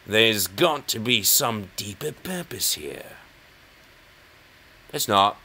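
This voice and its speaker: A man's voice: on the low side, lively intonation, takes it slowly, long pauses, pushed and bright, breathy edge. A man with an English accent, rambling and mocking himself as he comments on his own chess game. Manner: rambling, self-mocking, talks to himself and the opponent. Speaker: chess channel host.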